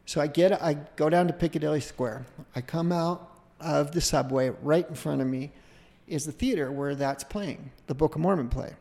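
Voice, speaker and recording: A middle-aged man, a podcast guest, telling a long casual anecdote in a rambling, animated way, often breaking off and restarting. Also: on the high side, normal speed, vocal fry, few pauses, in a large hall. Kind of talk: casual storytelling.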